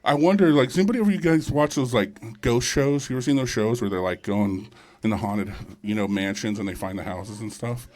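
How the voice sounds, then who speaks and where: A man's voice: fairly low pitch, a little fast, few pauses, a little mellow. A man doing a stand-up comedy set at a live show, crude and rambling, teasing the crowd.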